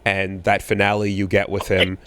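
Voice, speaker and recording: A man in his thirties co-hosting a podcast in casual chat, rambling with many fillers and restarts, getting animated when riled. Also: deep voice, normal speed. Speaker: podcast co-host.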